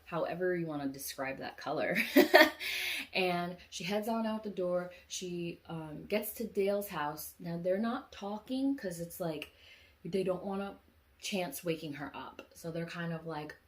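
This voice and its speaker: Woman vlogger, lower voice, animated slangy dream-telling. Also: unhurried. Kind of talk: casual dream storytelling.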